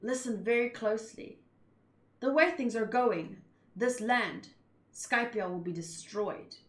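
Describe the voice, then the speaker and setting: A woman voicing a calm, grave young woman in a manga read-along, speaking low and measured. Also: roomy sound.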